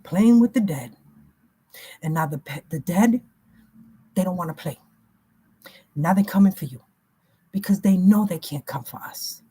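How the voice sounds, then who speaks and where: Husky woman doing a spiritual reading, emphatic and slangy, mid-pitched. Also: lively intonation, moderate pace, pauses often, warm tone. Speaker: spiritual reader.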